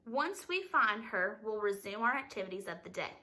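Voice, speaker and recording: A woman's voice: mid-range voice, big pitch swings, normal speed, sharp tone. A woman voicing the formal, commanding master of a grand house.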